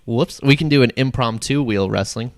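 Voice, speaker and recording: A young man co-hosts a casual podcast and rambles through his sentences with plenty of fillers and jokes. His voice sits at an ordinary middle pitch. The recording is close and dry, with no room sound. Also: moderate pace, no echo. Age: young adult. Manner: rambling, hesitant, jokey. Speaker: podcast co-host. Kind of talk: casual chat.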